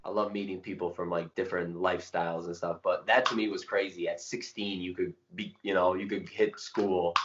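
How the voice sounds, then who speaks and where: A man co-hosting a casual podcast, telling rambling, excitable stories among friends. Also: low-pitched, brisk, few pauses, roomy sound, noisy background. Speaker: podcast co-host. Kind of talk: casual chat. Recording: dull lo-fi sound.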